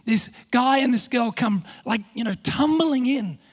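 A man's voice: extremely high pitch, a little slow, husky. A man preaching a sermon, telling a story with self-deprecating humour and frequent restarts. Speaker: pastor.

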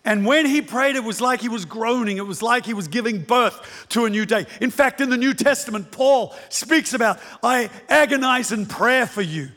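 Male preacher, high voice, animated sermon, long hall reverb. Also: normal speed, few pauses. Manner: animated, repeating phrases, rising to shouts.

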